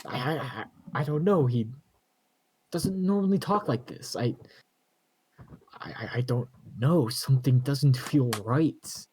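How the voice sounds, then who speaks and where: A man playing a character in a tabletop game, stammering and halting in his speech. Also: medium pitch, a little mellow, a little hiss or hum. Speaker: player.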